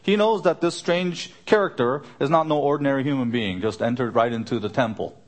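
A man preaching an expository sermon, earnest, lifting his voice to stress a point and repeating his questions. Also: fairly quick. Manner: earnest, rising pitch for emphasis, repeats questions. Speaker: pastor.

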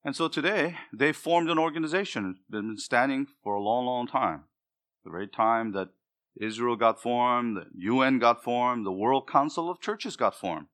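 A man delivers a sermon from the pulpit in a bright, ringing voice. His pitch sits in the middle range, and his delivery is emphatic, climbing on key phrases and sinking low on others. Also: expressive, moderate pace. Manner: emphatic preaching, rising and dropping for emphasis. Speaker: pastor.

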